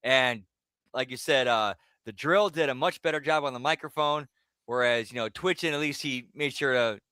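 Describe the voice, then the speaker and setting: A man's voice: mid-range voice, moderate pace, sharp tone, smooth, no echo, studio quality. A man co-hosting a podcast, chatting casually about wrestling and tossing in playful jokes. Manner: playful, tosses in jokey mobster quips. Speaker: podcast co-host. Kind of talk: casual wrestling recap chat.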